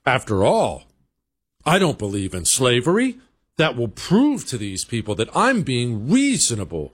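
A man's voice: mid-range voice, wildly swooping pitch, measured pace, husky, dry recording. A man hosting a talk radio show, delivering a sarcastic, combative monologue.

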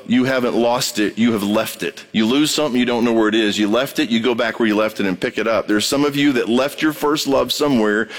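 A man preaching a radio sermon, impassioned, swinging between high urgent pleading and low emphatic asides.

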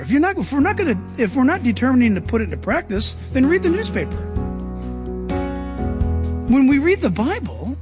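Lively high-voiced male pastor preaching. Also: fairly quick, faint music behind. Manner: animated, acts out voices of Bible figures. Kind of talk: sermon.

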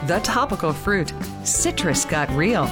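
A woman's voice: lowish voice, sing-song, a little slow, over music. A woman reading a promotional podcast ad. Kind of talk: podcast ad read.

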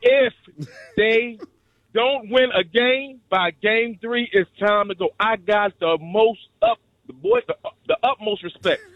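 Guy on the phone telling a funny game story, high voice, dry lo-fi line. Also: takes it slowly, no room sound. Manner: animated, joking storyteller. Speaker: caller. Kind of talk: storytelling on a call-in show.

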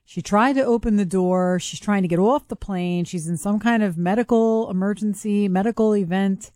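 A woman's voice: mid-range voice, normal speed, dark tone, dry recording. A woman co-host on talk radio, teasing playfully and telling stories. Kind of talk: radio banter.

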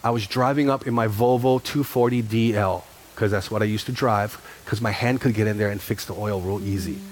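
A middle-aged man preaching as a pastor, telling stories in an animated way and repeating lines for emphasis. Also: on the low side, fairly quick, slight background noise. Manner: animated, repetitive storytelling with rising emphasis. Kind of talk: sermon.

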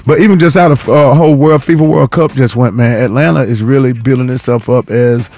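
A man on a studio radio mic, relaxed and easygoing, leaning on casual slang. His voice sits close and dry, with no room around it. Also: mid-range voice, brisk, dry recording. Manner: laid-back, easygoing slang, laughs often. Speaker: radio host. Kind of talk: radio banter.

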